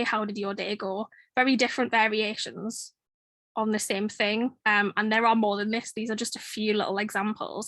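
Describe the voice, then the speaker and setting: A woman presents her talk over a video call in a conversational way, with filler words. Her voice sits a little high. The sound is dry and close. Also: fairly bright tone, no room sound. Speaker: conference speaker.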